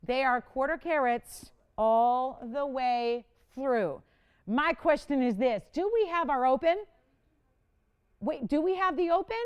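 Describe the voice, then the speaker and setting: Female shopping-channel host, bright and higher-pitched, crisp smooth delivery, animated and chatty with callers. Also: takes it slowly, lo-fi sound. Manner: dramatic, playful self-mocking. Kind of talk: live jewelry auction selling. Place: TV studio.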